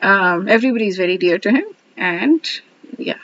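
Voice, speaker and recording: A woman's voice: mid-range voice, a little fast, a bit bright, dull audio. A woman hosting a daily scripture study, commenting on verses in a chatty way, reading quotes aloud and using many fillers. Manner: chatty, reads quotes, frequent fillers and laughs.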